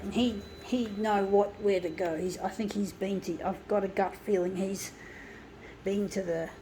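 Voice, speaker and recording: Crafting at home, a Guamanian vlogger chats rambly to her audience and calls them "folks," with a fan making background noise in the lounge room. She speaks a little slowly in a steady, medium-pitched voice, in a casual crafting vlog.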